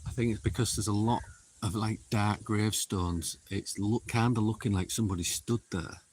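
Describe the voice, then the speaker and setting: A middle-aged man, livestreaming a paranormal investigation outdoors in a windy cemetery and calling out slowly to spirits in a hushed voice. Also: on the low side, fairly even intonation, breathy edge. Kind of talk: casual live commentary.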